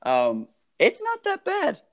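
A man's voice: very high-pitched, wildly swooping pitch, slow pace. Laid-back young man chatting as a guest. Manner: laid-back, laughs often, uses dude and like. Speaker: podcast guest. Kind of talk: casual podcast chat.

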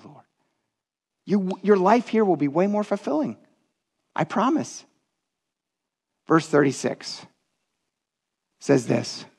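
A male pastor delivering a sermon with a notably high-pitched voice. He talks to the congregation directly and earnestly, in a conversational preaching manner. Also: a little mellow, husky.

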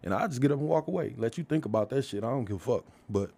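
A man's voice: mid-range voice, lively intonation, rapid-fire, vocal fry, warm tone. A man giving a casual, profane rant as a vlogger, blunt and heated, firing off rhetorical questions.

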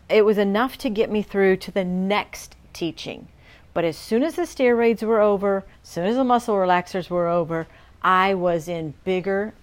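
A middle-aged woman tells a personal testimony in a relaxed, conversational voice. She speaks earnestly at a medium pitch and slips into the voices of the people in her story as she goes.

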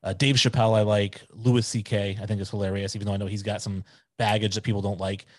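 Low-voiced man, easygoing podcast guest. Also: flat delivery, fast talker, no echo. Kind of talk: casual podcast chat.

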